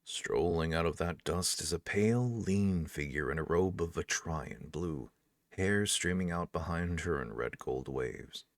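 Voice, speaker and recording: A man reading an interactive fantasy novel aloud in a measured, even storytelling manner. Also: low voice, no room sound, clean studio sound. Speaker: audiobook narrator.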